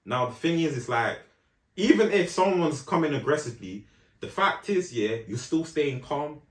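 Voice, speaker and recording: A man's voice: fairly high pitch, lively intonation, moderate pace, roomy sound. A young man telling a story in casual podcast chat, full of slang and "do you know what I'm saying" asides. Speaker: podcast co-host.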